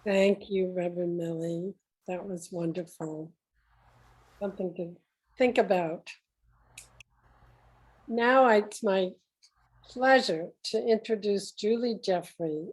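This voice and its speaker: A woman's voice: mid-range voice, darkish tone, low-quality recording. Woman moderator reading an introduction. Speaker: event moderator.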